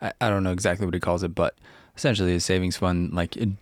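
A very deep-voiced man co-hosts a podcast into a close, dry microphone. His humor is dry and teasing, and he drifts into silly scatted jingles. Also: fairly even intonation, fast, dry recording. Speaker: podcast co-host. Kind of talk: casual podcast chat. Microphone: studio microphone.

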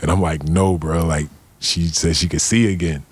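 A man's voice: very deep voice, normal speed, husky. A man as a podcast guest, telling a personal story in a laid-back, slangy way full of conversational fillers. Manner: laid-back, slangy, "you know what I'm saying" fillers. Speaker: guest, cannabis company founder. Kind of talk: casual storytelling interview.

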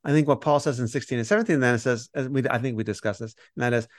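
A man teaching through a passage of scripture in easy conversation, now and then dropping into quoted voices to make a point. His voice sits at an ordinary middle pitch and sounds close and dry, with no room around it. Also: racing, dry recording. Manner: animated explainer, acts out quoted voices. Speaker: podcast co-host teaching on Romans.

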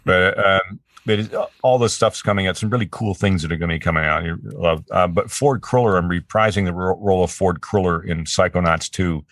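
Deep-voiced man in chatty interview. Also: brisk, a bit bright, dry recording. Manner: chatty, laughing, frequent restarts. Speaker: voice actor guest. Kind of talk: casual interview chat.

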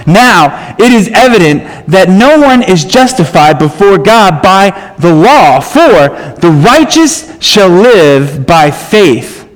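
A man preaching a sermon, reading scripture aloud and explaining it with emphatic, animated delivery. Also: high-pitched, slow, few pauses. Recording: long reverb in a large hall.

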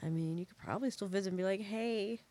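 A woman's voice: fairly low pitch, steady tone, very fast, dark tone, dry recording. A young woman co-hosting a podcast, chatting casually and teasing her friend between laughs. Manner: joking, teasing, laughs a lot. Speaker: podcast co-host. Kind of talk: casual chat.

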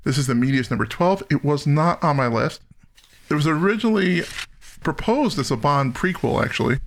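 A man hosting a casual film-review podcast, animated, laughing often and acting out scenes. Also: on the high side, fairly quick, creaky. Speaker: podcast host.

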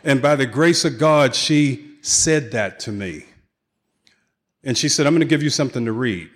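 A man's voice: medium pitch, moderate pace. A man giving a keynote talk at a recovery conference, earnestly telling his own story and acting out the conversations in it. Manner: earnest storytelling, acts out quoted dialogue. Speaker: keynote speaker. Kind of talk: personal recovery testimony. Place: conference hall with audience.

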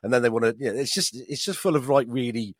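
A man's voice: mid-range voice, fast talker, dry recording, clean studio sound. A British man co-hosting a podcast, rambling casually and laughing often. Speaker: podcast co-host. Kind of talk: casual chat.

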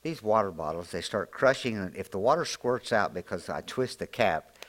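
A man preaching an informal, folksy sermon, often climbing higher and louder as he drives a point home. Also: animated, normal speed, slight background noise. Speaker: pastor.

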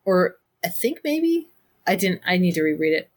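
A woman's voice: lowish voice, sing-song, normal speed, no room sound. A woman co-hosting a casual chat, chatty and hedging, often laughing. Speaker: podcast co-host. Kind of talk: casual chat about fan fiction.

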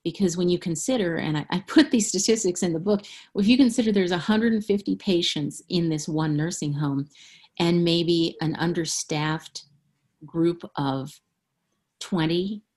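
A husky, lower-voiced middle-aged woman talks as an interview guest. She is frank and candid, often breaking into a laugh as she tells her story. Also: moderate pace, darkish tone. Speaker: author guest. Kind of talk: interview conversation.

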